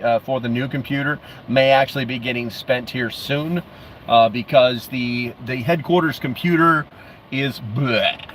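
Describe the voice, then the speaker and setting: A man's voice: medium pitch, slight background noise. A middle-aged man hosting a casual livestream, reading viewer comments aloud and rambling with lots of fillers and restarts, calling viewers bro. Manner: friendly, calls viewers bro. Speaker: livestream host.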